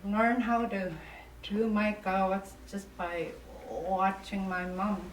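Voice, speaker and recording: An older woman, reminiscing softly with frequent pauses and warm laughs. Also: medium pitch, flat delivery. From Inuvialuit Settlement Region, Canada. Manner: soft-spoken, pauses often, laughs warmly. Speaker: Elder storyteller. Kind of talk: relaxed reminiscing. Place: workshop room. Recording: echoey room, distant mic, faint hum.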